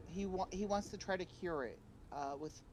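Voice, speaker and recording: A man voicing a courteous, formal adventurer in a tabletop game, speaking politely with halting fillers. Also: high voice, slight background noise, pitched above the performer's own voice, close to an everyday voice, rough recording. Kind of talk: in-character tabletop role-play.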